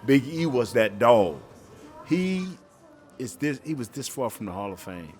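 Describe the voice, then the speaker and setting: A middle-aged man spins stories as a podcast guest, jumping into the voices of the people he quotes. His pitch sits in an ordinary middle range, and faint music hums underneath. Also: unhurried. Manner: animated storyteller who acts out quoted voices and laughs often. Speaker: former pro football player, podcast guest. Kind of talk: casual storytelling interview.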